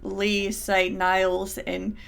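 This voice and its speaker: Woman, game master, slow unhurried delivery, vocal fry, gently amused. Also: medium pitch, completely flat delivery. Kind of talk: running a tabletop game session.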